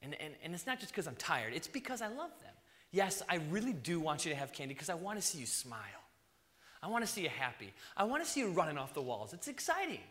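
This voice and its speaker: Animated high-voiced male preacher in a hall. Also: quick pace. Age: young adult to middle-aged, a father. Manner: animated, swings between loud emphasis and soft near-whispers. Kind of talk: sermon.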